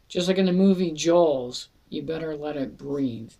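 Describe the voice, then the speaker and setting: Chatty and self-deprecating, a Philadelphia reviewer ambles through a casual wine vlog with jokes, laughs and plenty of space between thoughts. The mid-range voice is steady in tone and creaky, set against a noisy background.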